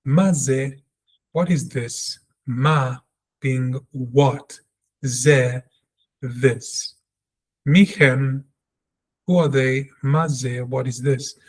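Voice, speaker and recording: A Hebrew teacher gives a language lesson in a mid-range voice, speaking very slowly and pausing often. He reads example sentences aloud, explains them step by step, and repeats sounds for practice.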